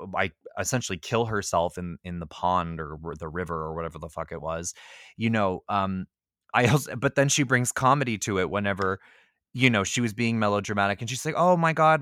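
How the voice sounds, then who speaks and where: Smooth low-voiced man chatting casually. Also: a bit bright, dry recording, clean studio sound. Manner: rambling, opinionated, frequent restarts. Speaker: podcast co-host. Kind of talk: casual film discussion.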